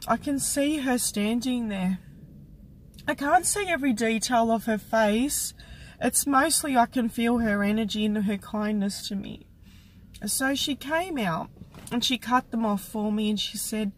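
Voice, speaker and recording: A woman psychic medium telling a personal story to camera, reflective and halting, with many restarts. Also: on the high side, low-quality recording.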